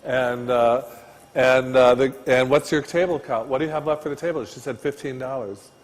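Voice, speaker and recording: A man teaching a floral design class, telling stories with loud bursts and quiet asides. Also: mid-range voice, steady tone, moderate pace, big-room sound.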